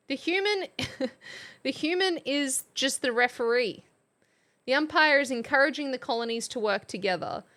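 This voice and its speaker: An Australian woman walks her stream viewers through a casual history lesson. Her voice sits a little high, and she talks at a slow, easy pace. She is chatty and playful and laughs often. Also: pushed and bright, smooth.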